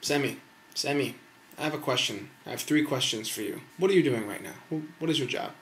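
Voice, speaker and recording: A man's voice: medium pitch, animated, brisk, a bit bright, slight background noise. A man voicing his older grandfather, a lifelong diplomat who asks formal, insistent questions at the dinner table. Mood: probing.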